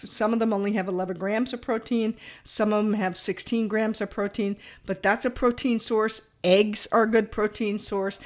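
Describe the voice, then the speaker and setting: Brief: middle-aged woman, nutrition coach, chatty and animated, talks straight to her viewers with a mid-range voice. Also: mid-range voice. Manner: chatty, animated, laughs at herself, frequent "all right?" asides. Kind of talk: casual to-camera talk.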